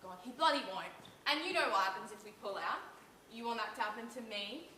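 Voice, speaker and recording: A woman's voice: on the high side, animated, fairly quick, sharp tone, a little hiss or hum. A young woman playing a hard-bitten smuggler. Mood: hard, scornful. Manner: harsh, scornful, coaxing. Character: hardened female drug smuggler, domineering. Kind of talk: stage acting. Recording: echoey stage from far off.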